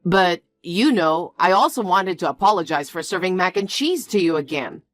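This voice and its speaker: A woman voicing a calm older mother who speaks slowly and quietly. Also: on the low side, dry recording, soft background music, lightly acted. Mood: apologetic. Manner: slow and hushed.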